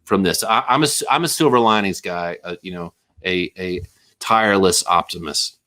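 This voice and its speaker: A man's voice: low voice, normal speed, bright, forceful tone. Guy musician rambling on a podcast, loose and jokey, lots of you knows. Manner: rambling, self-mocking, breaks into goofy voices. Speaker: musician guest. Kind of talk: casual podcast chat.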